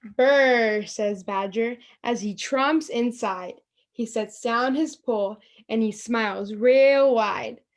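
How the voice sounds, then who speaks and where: A woman reading a picture book aloud to children over a video call, acting out the lines and adding asides about the pictures. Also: fairly high pitch. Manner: slow, expressive read-aloud with pointing asides. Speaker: storytime reader.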